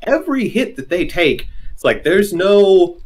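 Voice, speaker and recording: A man's voice: sits high, very animated, unhurried, a little mellow. A man, a game designer guest in a casual interview, explaining at length in an earnest way with lots of "you know" and "like".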